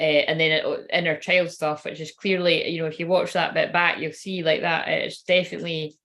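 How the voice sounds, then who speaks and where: Woman, card reader, rambling casual chat, slightly low voice, swears offhand. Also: fairly bright tone. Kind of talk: casual livestream card reading.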